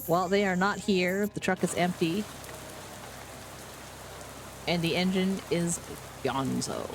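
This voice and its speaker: A woman streaming a game, reading the on-screen text aloud with playful, deadpan asides. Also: lowish voice, noisy background. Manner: playful, deadpan asides, does silly frog voices.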